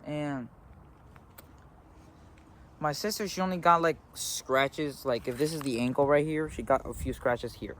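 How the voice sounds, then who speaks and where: A teenage boy telling a story to a phone camera beside a road, halting and full of fillers. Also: a little high, a bit bright. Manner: rambling, halting, with frequent fillers. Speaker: vlogger. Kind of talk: casual storytelling. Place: outdoors by a road. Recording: faint traffic noise outdoors.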